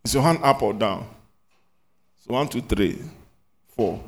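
Animated man quizzing a class. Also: on the low side, unhurried. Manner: animated, scolding, rising to loud questions. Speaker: Sunday school teacher.

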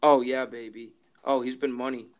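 A young man co-hosting a podcast in casual sports chat, rambling with halting restarts and casual swearing. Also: mid-range voice, level tone, a little mellow, clear, resonant tone. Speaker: podcast co-host.

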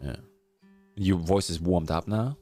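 A man's voice: sits low, measured pace, dark tone, faint music behind. A man hosting a podcast, chatting in an upbeat, encouraging way with short fillers. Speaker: podcast host. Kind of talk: casual chat.

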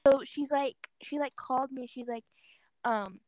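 A woman's voice: high voice, measured pace, darkish tone, no room sound, low-quality recording. A teenage girl co-hosting a casual podcast, laughing often and filling her talk with "like". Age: late teens. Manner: giggly, filler-heavy. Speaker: podcast co-host. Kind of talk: casual chat.

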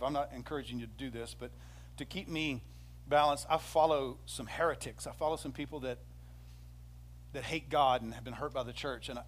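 A man preaching a sermon as pastor, telling a Bible story with lively acted-out quotes. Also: mid-range voice. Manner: animated storytelling, acts out quoted speech.

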